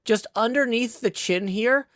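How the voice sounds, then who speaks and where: A man's voice: extremely high pitch, unhurried, a bit bright, dry recording. A man talks through a build into a desk microphone, thinking aloud and second-guessing himself. His asides turn into playful jokes. The recording is close and dry, with no room sound. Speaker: Minecraft server player. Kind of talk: casual gameplay commentary.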